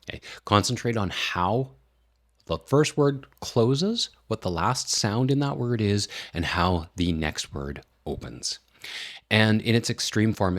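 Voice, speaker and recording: Low husky male speaking coach. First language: English. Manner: calm, explains step by step. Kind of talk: casual spoken lesson.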